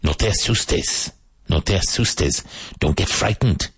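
A low-voiced man with a Cork Irish accent leads an English lesson for Spanish speakers. He repeats each model phrase slowly and deliberately. The recording is dry and close. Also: lively intonation, breathy edge, no room sound. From Ireland (Cork). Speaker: English teacher.

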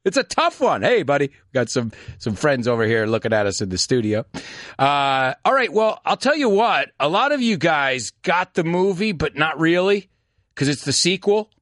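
Brief: chatty New York host, lively swooping pitch, dry close sound. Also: male voice, moderate pace, no room sound. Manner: animated, chatty, laughs often. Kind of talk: casual chat with live audience. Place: studio.

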